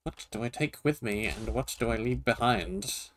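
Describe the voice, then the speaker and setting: A man's voice: medium pitch, a little hiss or hum. A man streaming a puzzle game, muttering to himself in short fragments as he works things out. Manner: slow, thinking aloud in short fragments. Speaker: streamer playing a puzzle map. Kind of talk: muttering to himself while playing.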